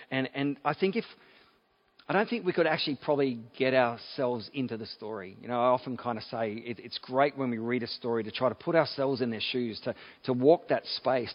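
A man with an Australian accent preaching a sermon in a relaxed, conversational way, with many fillers and restarts. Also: medium pitch, dull audio. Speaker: pastor.

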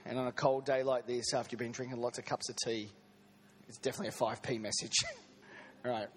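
A man's voice: medium pitch, little pitch movement, a little fast, in a large hall, a little hiss or hum. A man preaching a sermon to a congregation, in a conversational manner with joking asides. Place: church service.

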